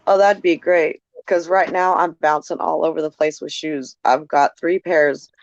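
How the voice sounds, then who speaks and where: A woman's voice: low voice, steady tone, normal speed, no room sound. A woman chatting on a video call in a friendly, sympathetic way. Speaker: caller on a livestream. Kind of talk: casual video-call chat. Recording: dry lo-fi video-call audio.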